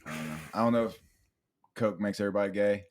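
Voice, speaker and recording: A man's voice: lowish voice, quick pace, a little mellow. A young man co-hosting a podcast in a casual chat, joking and teasing with plenty of swearing. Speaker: podcast co-host.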